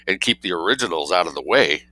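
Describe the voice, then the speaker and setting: A sceptical, easily rattled gentleman, read by a man who speaks bluntly and with impatience. His tone is low and bright, recorded dry. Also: lively intonation, fast talker, dry recording. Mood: reasoning. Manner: blunt, exasperated.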